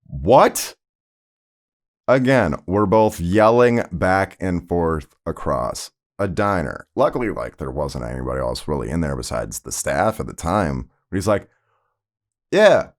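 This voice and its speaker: A man's voice: a bass voice, lively intonation, moderate pace. A man hosting a podcast, telling personal stories in a conversational, rambling way with lots of fillers. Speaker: podcast host.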